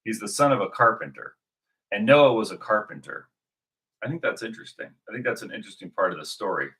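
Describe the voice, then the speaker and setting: A man's voice: fairly low pitch, very animated, fast talker, sharp tone. A man giving an unscripted, rambling religious monologue to his video audience, with many restarts and fillers. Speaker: video host.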